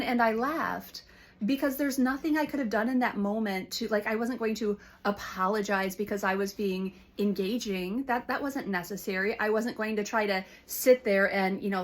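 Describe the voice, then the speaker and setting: A woman's voice: medium pitch, steady tone, moderate pace. A woman counselor talks casually to camera, giving advice through personal stories with fillers and restarts. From United States. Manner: warm storytelling with frequent fillers and restarts. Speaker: licensed counselor.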